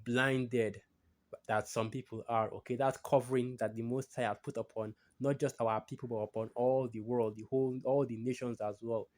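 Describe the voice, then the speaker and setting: Man preacher, mid pitch, dark mellow tone, conversational scripture teaching with lots of "right?" and "okay?" tags, reads verses aloud. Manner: conversational, frequent tag questions and restarts.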